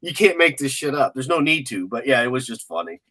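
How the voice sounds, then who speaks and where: A man with a bright, forward voice and middling pitch, telling loose, rambling stories. He wanders through fillers and restarts in an easy, casual way. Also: animated, fast. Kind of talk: casual chat.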